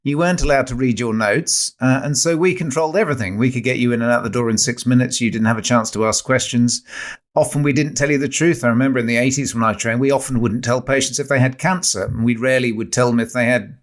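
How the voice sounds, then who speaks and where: A man in his sixties, a doctor appearing as a guest, explaining in a brisk, wry way. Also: mid-range voice, fairly even intonation. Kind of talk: casual talk show chat.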